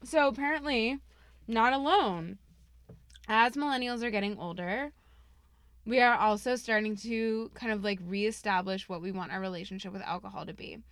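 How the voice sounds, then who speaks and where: A woman's voice: mid-range voice, moderate pace, fairly bright tone, dry recording. A woman in her thirties co-hosting a podcast, telling a personal story casually with many fillers. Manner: chatty storytelling, lots of "like". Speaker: podcast co-host. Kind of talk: casual chat.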